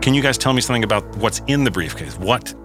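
A man's voice: medium pitch, animated, quick pace, over music. A man hosting a comedy podcast, steering the talk with dry, probing questions.

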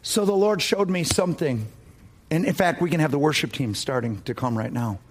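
A pastor preaching a sermon tells a story dramatically at a fairly quick pace, dropping to low, quiet tones for effect.

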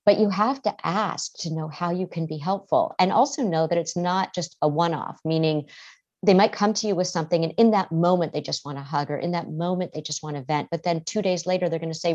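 A woman therapist explaining ideas calmly in a podcast interview, sometimes acting out what people say. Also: fairly low pitch, fairly quick, muffled recording. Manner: calm, explanatory, acts out quoted speech. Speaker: therapist, guest.

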